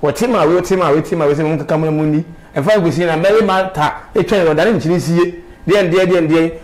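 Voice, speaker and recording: A man's voice: a little high, fast, darkish tone, poor audio. A man talking animatedly in a casual street interview, with emphatic bursts and sudden exclamations.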